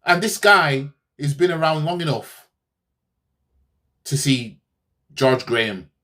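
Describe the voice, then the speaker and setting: A man's voice: a little high, animated, slow, a bit bright. Fired-up guy ranting about footie, sarcastic, keeps stumbling and repeating himself. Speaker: fan channel host reacting to a clip. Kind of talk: ranting football fan reaction.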